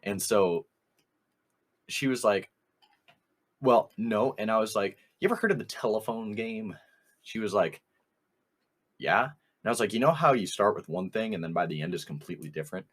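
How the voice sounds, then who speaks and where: A man's voice: fairly low pitch, lively intonation, brisk, long pauses, fairly bright tone, slightly rough. A young man co-hosting a podcast, rambling through an anecdote in casual chat and laughing often. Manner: rambling anecdote, quoting others with "I was like", frequent laughs. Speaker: podcast co-host.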